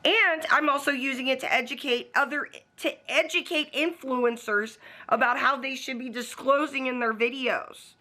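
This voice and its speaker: A woman talks straight into the camera at home, ranting bluntly and swearing freely. Her voice sits a little high and rings bright and forceful. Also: fairly even intonation, moderate pace, few pauses. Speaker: vlogger. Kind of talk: casual vlog rant.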